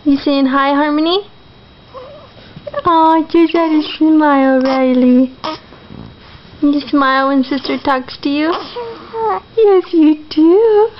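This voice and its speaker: A mother filming at home, talking slowly and coaxingly in sing-song baby talk to her toddlers. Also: high voice. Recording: dull lo-fi sound with steady background noise.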